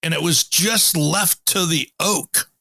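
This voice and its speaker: Gravelly, bright-voiced storytelling host man. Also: on the high side, takes it slowly, no echo. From Pacific Northwest, US. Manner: animated storyteller, acts out quotes. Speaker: home improvement show host. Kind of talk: casual chat.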